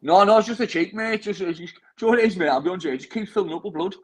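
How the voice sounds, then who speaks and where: Heard through a low-quality recording, this young man talks rapid-fire in a high-sitting, slightly rough voice with a British English accent. He's a bare-knuckle fighter in a rambling post-fight interview, saying "mate" constantly and often starting over.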